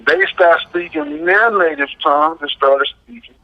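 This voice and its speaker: A man's voice: a little high, animated, moderate pace, highs cut off. A man speaking, giving a casual radio talk as a guest and pressing his points with a frequent "right?". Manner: emphatic, asks "right?" often.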